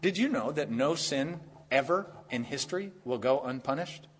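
A man preaching a sermon in an earnest, conversational way, with quick asides to the listeners. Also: medium pitch, animated. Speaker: pastor.

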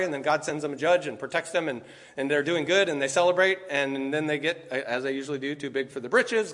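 High-voiced man preaching a sermon. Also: quick pace, a bit bright. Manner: emphatic, reads scripture aloud, asks the audience questions.

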